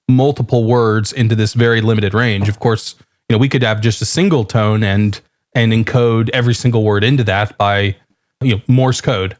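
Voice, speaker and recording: A man's voice: on the low side, no room sound, studio quality. A man co-hosting a podcast, reasoning aloud in a thoughtful, casual way. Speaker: podcast co-host. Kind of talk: casual chat.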